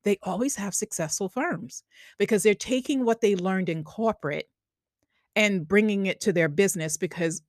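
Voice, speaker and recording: A woman's voice: mid-range voice, moderate pace, no echo, clean studio sound. A woman with a Long Island accent hosting a podcast in an upbeat, chatty way. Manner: bubbly, enthusiastic, chatty. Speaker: podcast host. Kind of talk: casual podcast chat.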